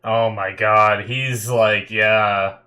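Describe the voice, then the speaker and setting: A man reacting aloud to an anime episode, exclaiming and thinking out loud, getting teary and emotional. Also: lowish voice, steady tone, drawn-out words. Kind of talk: live reaction commentary.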